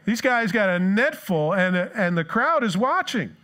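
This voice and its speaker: Man, pastor, sermon in church, fairly high voice, animated storyteller. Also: unhurried.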